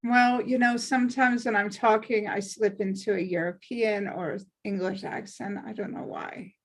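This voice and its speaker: A woman's voice: mid-range voice, fairly even intonation, normal speed. A woman from Canada chatting casually in a group table-read discussion, talkative and self-deprecating.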